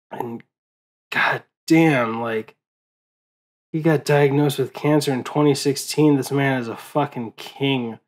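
An exhausted man speaks in an unhurried, meandering way, his speech full of ums and uhs. He swears easily and sounds heavy with grief, like a fan thinking out loud after a loss. His pitch sits in an ordinary middle range. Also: fairly even intonation, poor audio. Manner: profane, grieving, rambling with many fillers. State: tired, late at night. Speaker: movie vlogger. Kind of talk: casual rambling monologue.

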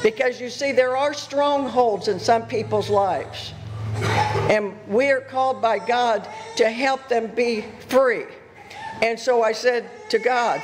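A woman's voice: on the high side, slow, over music. An older woman giving a sermon as a guest speaker, telling stories earnestly and emphatically with chuckling asides. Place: church. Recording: reverberant church hall.

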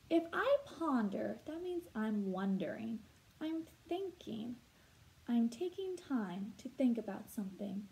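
A woman teacher explaining vocabulary words slowly and clearly, asking her listeners questions as she goes. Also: fairly high pitch, a little mellow, poor audio. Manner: slow, clear teacher talk with rhetorical questions. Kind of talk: read-aloud vocabulary lesson.

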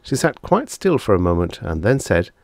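A man reads a vintage science fiction tale in a lowish voice that rises and falls freely. His storytelling is dry and even-handed. The recording is close and dead, with no room sound. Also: normal speed, creaky, no room sound. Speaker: audiobook reader.

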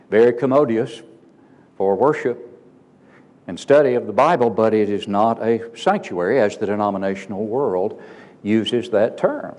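A man's voice: on the low side, darkish tone, in a large hall. A man preaching a sermon in a church auditorium, stressing words emphatically and asking rhetorical questions.

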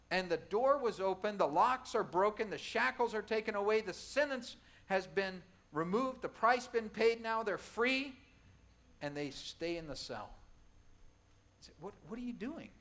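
A man's voice: high-pitched, expressive, measured pace, fairly bright tone. A man preaching a sermon as pastor, emphatic, repeating phrases and rising into exclamations. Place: church sanctuary.

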